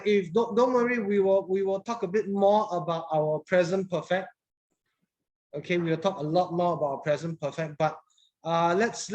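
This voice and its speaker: High-voiced man teaching English grammar. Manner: patient, repeats phrases, mixes in Mandarin words. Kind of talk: classroom grammar lesson.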